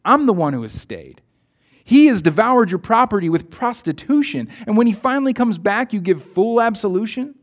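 A man voicing an indignant older son in a poem reading, sharp and resentful, his voice raised and loud. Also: mid-range voice, big pitch swings, unhurried, few pauses, husky, voice pushed down. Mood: angry, resentful.

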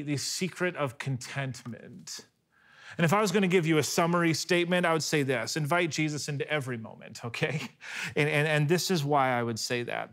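A man in his thirties preaching a sermon, telling a story with animated delivery, often restarting on repeated words. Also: a little high. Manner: animated storytelling, voice rising when excited and dropping soft for quiet moments. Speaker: pastor.

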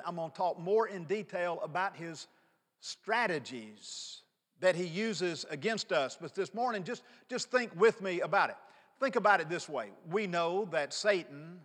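A man's voice: sits high, a bit bright, in a large hall. Emphatic man in his fifties preaching. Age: 50s. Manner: emphatic, repeats words for stress. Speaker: pastor. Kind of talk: sermon.

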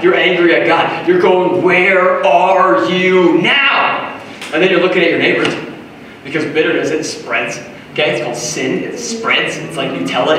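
A man preaching a sermon to a congregation, animated, swinging between shouted lines and hushed asides. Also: fairly high pitch. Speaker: pastor. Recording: echoey hall, voice from far off.

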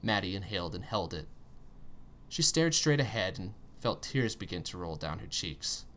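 A man with a low, grounded voice reads a story aloud. He leans into the drama with tense pauses and pointed emphasis. A faint hiss sits under the recording. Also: fairly bright tone. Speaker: story reader. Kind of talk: expressive storytelling narration.

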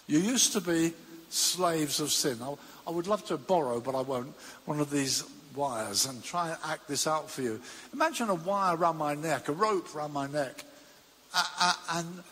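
A man preaching a sermon, animated and acting out his illustrations with little voices. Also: on the high side, normal speed, slightly rough. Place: church hall. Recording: long reverb of a church hall.

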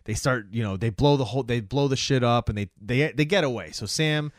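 A man's voice: mid-range voice, brisk, no echo, clean studio sound. A man hosting a podcast, telling a movie's story in casual chat and acting out scenes as he goes. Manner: animated storyteller who acts out scenes. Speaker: podcast host.

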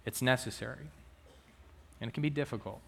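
A man's voice: medium pitch, fairly quick, creaky. A man, a student minister, preaching a sermon in a casual, conversational way with frequent asides to the congregation. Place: church sanctuary. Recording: long reverb of a church hall.

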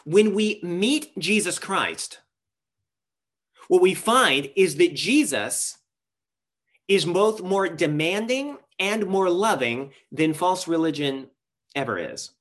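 Earnest preaching pastor. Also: male voice, high voice, expressive, slow, a bit bright. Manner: earnest, emphatic preaching with shifting pace and rhetorical questions. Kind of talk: sermon.

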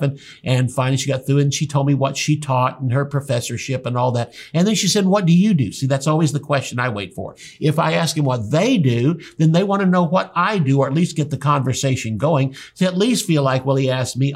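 A man preaching a sermon as a pastor, telling stories with animated dialogue. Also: mid-range voice, brisk, hardly any pauses. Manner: animated storyteller acting out dialogue. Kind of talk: sermon with storytelling.

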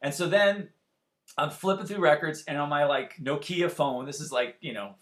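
Man in his forties, slightly high voice, casual storytelling, lively, swearing, quoting people. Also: normal speed. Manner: animated, profane, acts out quotes. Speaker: musician guest telling a story.

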